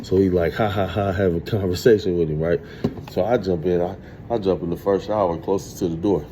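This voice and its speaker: A man in his thirties telling a streetwise, profane story in a casual, animated monologue. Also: low-pitched, fairly quick, a little hiss or hum. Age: 30s. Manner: streetwise, profane, animated retelling with acted quotes.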